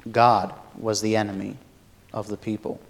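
A man giving a Bible study lecture, explaining a passage thoughtfully and pausing often to search for words. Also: fairly low pitch, level tone, vocal fry. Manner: thoughtful, many fillers and restarts, explanatory. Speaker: Bible teacher.

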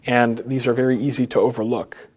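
Man, sermon, halting delivery, frequent restarts, mid-pitched voice. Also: level tone, darkish tone. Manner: halting, with many restarts and rising emphasis. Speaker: preacher. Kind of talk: unscripted sermon.

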